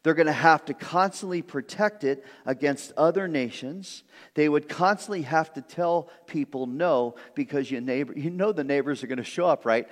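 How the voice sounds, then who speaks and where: A man preaching a sermon as pastor, earnest and animated, often repeating a word as he starts a thought. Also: on the high side, normal speed. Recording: long reverb of a large room.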